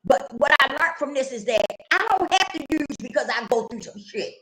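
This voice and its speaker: Middle-aged woman, kinda high voice, blunt and emphatic, repeats stuff, swears casual, roomy echo. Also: expressive, moderate pace, bright, forceful tone. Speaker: vlogger sharing her recovery story. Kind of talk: candid personal testimony. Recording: echoey room.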